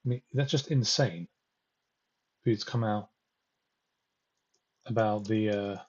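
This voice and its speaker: A man with a fairly low, husky voice rants through election results on a live stream. He talks straight to his viewers, exasperated and scornful. The sound is dull and lo-fi. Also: measured pace, a little mellow. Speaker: political livestream host.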